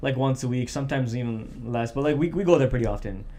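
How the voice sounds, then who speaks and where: A young man from Canada, co-hosting a podcast, tells a story in casual chat and acts out the quotes. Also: quick pace. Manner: animated, acts out quotes with raised pitch. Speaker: podcast co-host.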